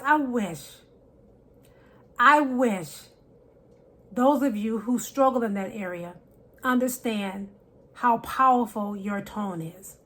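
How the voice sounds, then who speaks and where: A woman giving faith-based marriage advice to women, emphatic and preacherly, repeating key phrases and dropping from loud to soft. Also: on the high side. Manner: preacherly, quotes scripture, shifts loud to soft.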